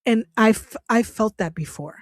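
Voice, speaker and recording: A woman's voice: on the high side, animated, dry recording. Emotional woman telling a story, dry sound. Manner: emotional, laughs often while telling, halting restarts. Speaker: channel host. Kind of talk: casual personal storytelling.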